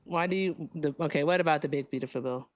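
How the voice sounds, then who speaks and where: A woman's voice: sits low, quick pace. A woman hosting a livestream debate, casual, blunt and profane, sounding tired.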